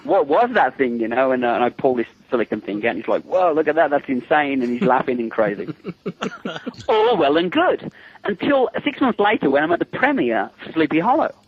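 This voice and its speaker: Husky-voiced man telling stories. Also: mid-range voice, no echo. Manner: chatty and amused, laughing between stories. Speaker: interview guest, special effects makeup artist. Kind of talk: casual anecdotal storytelling. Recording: dull lo-fi recording.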